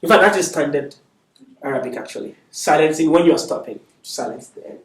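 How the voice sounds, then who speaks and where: Man, language teacher, patient, frequent check-ins, slightly high voice, roomy echo. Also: a little fast. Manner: patient, often checks in with the learners; chuckles lightly between points. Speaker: Arabic teacher. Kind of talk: beginner language lesson. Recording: echoey room, away from the mic.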